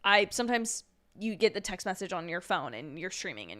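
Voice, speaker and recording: A young woman hosting a casual watch-along livestream, chatty and rambling, with quick apologetic asides and a sleepy edge. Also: on the low side, sing-song, bright, forceful tone, soft background music. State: sleepy, yawning. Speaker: livestream host.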